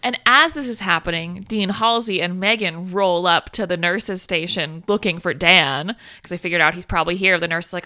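A woman's voice: on the low side, moderate pace, few pauses, sharp tone, dry recording. A young woman co-hosting a podcast, recapping a film's plot in casual chat with a wry, laughing manner. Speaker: podcast co-host.

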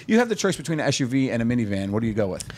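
A middle-aged man co-hosting a comedy podcast, bantering playfully and laughing easily. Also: medium pitch. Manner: animated, quick to laugh, playful. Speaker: podcast co-host.

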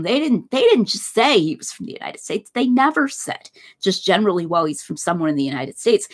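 A woman with a low, slightly husky voice gives a philosophy lecture. She talks it through conversationally, and her pitch rises and falls a lot as she builds a hypothetical example.

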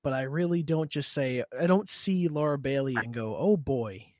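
A man's voice: fairly high pitch, moderate pace, no room sound, clean studio sound. Giggly rambling podcast guy. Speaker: podcast co-host. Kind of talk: casual chat.

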